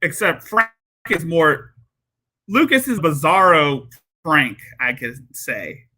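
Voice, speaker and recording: A man hosting a reaction commentary, mocking and sarcastic, with jumpy high exclamations. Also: very animated, takes it slowly, pushed and bright. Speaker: commentary host.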